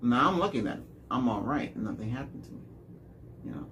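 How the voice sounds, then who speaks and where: This man, a dating vlogger, talks briskly at a medium pitch as he wanders through tales of his dates. He repeats himself and gets lively when quoting others, with a bit of background noise behind him.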